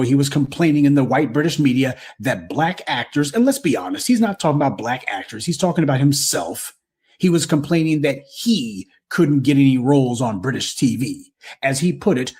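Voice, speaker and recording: A man's voice: medium pitch, a little mellow, husky. A man with a Southern American accent, hosting a commentary show and delivering an indignant, scornful monologue. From United States.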